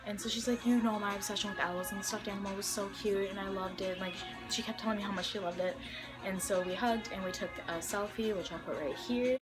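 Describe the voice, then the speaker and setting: A woman's voice: mid-range voice, steady tone, brisk, over loud music. A young woman vlogger telling a personal story in a casual, chatty way, full of fillers and quoted dialogue.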